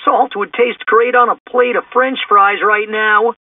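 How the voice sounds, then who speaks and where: A man puts on the voice of a jumpy, always-hungry teenage boy for a storybook, sliding high and squealing when he gets scared. The voice sounds husky, and it comes from a distance over a tinny, phone-like line. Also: steady tone, measured pace, no room sound.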